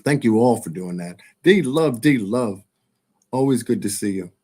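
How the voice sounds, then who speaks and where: A man hosting his live stream, signing off in a relaxed, chatty way and laughing often. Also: medium pitch, normal speed. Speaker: host of a live show. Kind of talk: casual live-stream sign-off.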